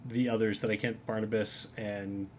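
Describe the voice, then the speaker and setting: A man's voice: lowish voice, little pitch movement, moderate pace, slight background noise. A man casually narrating as game master of a tabletop game, rambling with frequent fillers.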